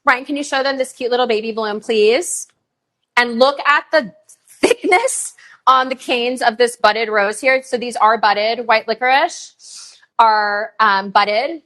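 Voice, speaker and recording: A woman hosting a live shopping stream for roses, chatting casually with lots of fillers and pauses. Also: fairly high pitch, bright, forceful tone. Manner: chatty, many fillers, emotional at times. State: tearful. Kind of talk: live sales stream chat. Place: rose farm, humid.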